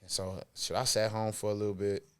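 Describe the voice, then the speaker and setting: A man's voice: lowish voice, a little fast, smooth. Laid-back texan guy telling stories. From Texas. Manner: animated storyteller, slangy and laid-back. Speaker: podcast guest, former football player. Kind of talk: casual storytelling chat.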